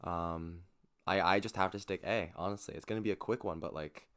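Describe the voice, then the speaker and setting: Deep-voiced young man giving earnest opinions. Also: steady tone, brisk, a bit bright. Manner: earnest, reasoned opinions with frequent restarts. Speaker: podcast co-host. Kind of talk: casual chat.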